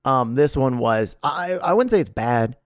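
A man's voice: medium pitch, animated, unhurried, dry recording, clean studio sound. A man co-hosting a podcast in casual chat, rambling with many restarts, laughing often and swearing now and then. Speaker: podcast co-host.

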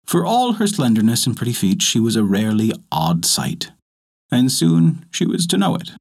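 A man narrating a folktale aloud in an expressive, lilting read-aloud delivery. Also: medium pitch, moderate pace, creaky. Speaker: storyteller.

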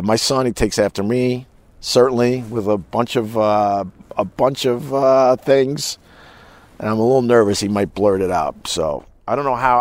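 A man's voice: mid-range voice, no echo. A middle-aged man hosting a podcast, rambling through a casual live-stream monologue with wry, profane storytelling. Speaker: podcast host. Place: cold room, dry sound.

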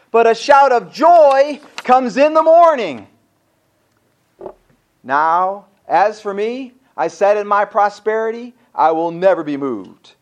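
Delivering a sermon as pastor, this high-pitched man presses his points with one rhetorical question after another. Between remarks, he reads passages of scripture aloud.

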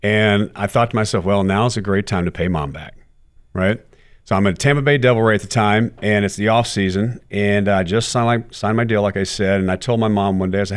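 A middle-aged man giving a candid interview, telling his stories with animated quoted dialogue and frequent cursing. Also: lowish voice, fairly quick, clean tone. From United States. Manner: animated storyteller, curses freely, acts out quotes. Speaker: guest, former baseball player.

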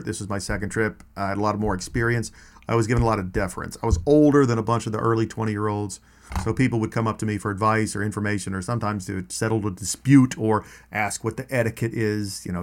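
A man with a fairly low voice tells his stories in a relaxed, conversational way. He wanders into asides and restarts his sentences as he goes. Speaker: storyteller. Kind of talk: casual spoken storytelling.

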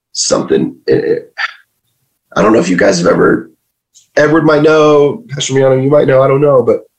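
Gravelly man, voice worn after illness. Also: mid-range voice, poor audio. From North Carolina, USA. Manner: earnest, emotional, with many restarts. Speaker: guest sharing a testimony. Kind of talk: casual spoken storytelling.

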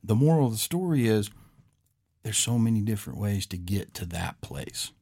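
A man's voice: fairly low pitch, big pitch swings, normal speed, dark tone, husky, no echo, studio quality. A man hosting a podcast, telling a parable in a casual, folksy way and acting out both people's lines. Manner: folksy, repeats "he goes", acts out both sides of a parable. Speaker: podcast host. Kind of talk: casual storytelling.

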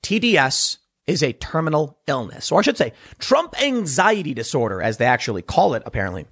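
Speaking fairly quickly in a slightly high voice with a breathy edge, this political commentator talks straight to his audience. His opinion monologue is sarcastic and animated, full of mocking impressions of others.

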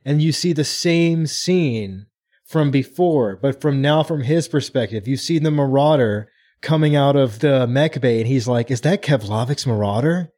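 A man's voice: medium pitch, a little slow, darkish tone. A man co-hosting a casual book podcast, animatedly retelling a chapter and acting out the characters' lines. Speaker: podcast co-host. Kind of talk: casual book-club chat.

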